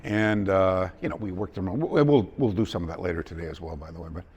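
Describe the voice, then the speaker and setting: A man's voice: low-pitched, fast talker, darkish tone, slightly rough. A male martial arts instructor teaching a seminar, telling anecdotes with frequent restarts and acting out his students' lines. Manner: storytelling, acts out quoted students, frequent restarts. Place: dojo training hall.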